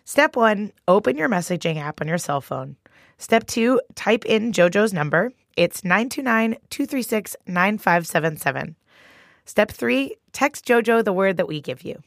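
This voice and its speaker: A woman's voice: mid-range voice, lively intonation, a little slow, creaky, no echo, clean studio sound. A woman hosting a news podcast in a bubbly, playful way, laughing easily with her guest. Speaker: podcast host.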